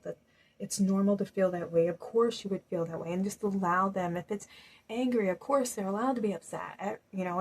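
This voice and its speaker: Gentle reassuring woman giving a reading. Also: medium pitch, rough recording. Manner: gentle, reassuring, with many fillers like "you know". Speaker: spiritual card reader. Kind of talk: intuitive tarot-style reading to viewers.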